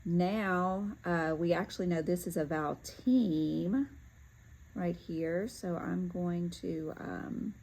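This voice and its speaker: A woman teaching a lesson, talking through each step calmly as she works, with occasional fillers and self-corrections. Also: fairly low pitch, slow pace, vocal fry, low-quality recording. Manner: talks to herself while working through steps, with fillers. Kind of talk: step-by-step classroom demonstration.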